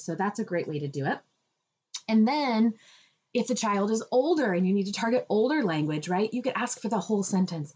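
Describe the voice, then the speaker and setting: A woman in a middle pitch speaks as a speech therapist, coaching parents in a plain, easy way. She leans on fillers and tag questions and sometimes acts out a high, drawn-out voice like one you'd use with a toddler. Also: animated, darkish tone, slightly rough, highs cut off. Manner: demonstrates child-directed talk with raised pitch and drawn-out words; uses fillers and frequent "right?". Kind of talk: instructional talk to parents.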